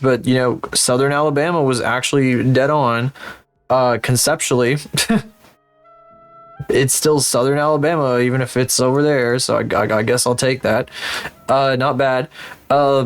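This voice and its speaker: A man's voice: mid-range voice, fairly even intonation, normal speed, clean tone, soft background music. A man streaming live, thinking aloud and swearing casually as he plays a geography guessing game. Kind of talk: casual livestream commentary while playing a geography game.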